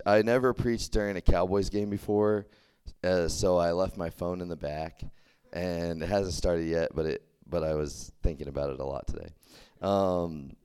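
A man's voice: on the low side, clear, resonant tone. A young man from Texas, preaching a casual youth sermon, chatty and full of "like" and restarts. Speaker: campus ministry preacher.

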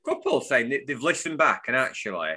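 A man's voice: mid-range voice, sing-song, quick pace, pushed and bright, husky. A man co-hosting a football fan podcast, chatting in a playful way and laughing as he talks. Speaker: podcast co-host. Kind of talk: casual football fan chat.

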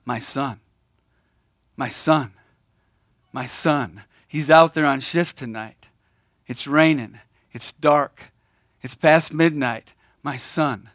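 A middle-aged man gives a sermon to a men's gathering, swinging from loud challenges to hushed pauses. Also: fairly high pitch, no echo, clean studio sound. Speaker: guest speaker at a men's gathering.

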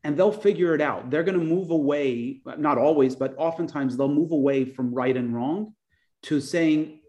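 A man's voice: fairly high pitch, normal speed, a little mellow. A man teaching a parenting class, speaking earnestly and often restarting his phrases.

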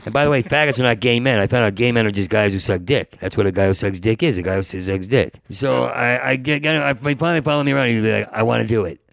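A male comedian rambles through his stories, stuttering on his repeats and slipping into other characters' voices. His mid-range voice carries a gravelly fry. The sound is close and dry. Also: medium pitch, fast talker, few pauses, a bit bright, no room sound. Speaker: comedian guest. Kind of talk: rambling comic storytelling.

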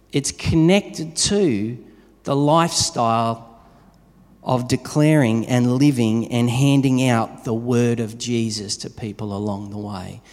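A man preaches in a relaxed, conversational manner, weaving everyday stories into his sermon. His voice sits at an ordinary middle pitch. The sound rings with the long reverb of a large hall. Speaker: pastor.

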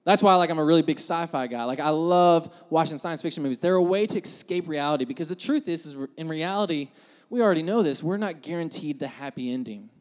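A man's voice: fairly high pitch, quick pace. Guy preaching, chatty and jokey storytelling, big echoey church hall. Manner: casual, joking, animated storytelling. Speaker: pastor. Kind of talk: storytelling sermon. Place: church sanctuary. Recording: long hall reverb in a church.

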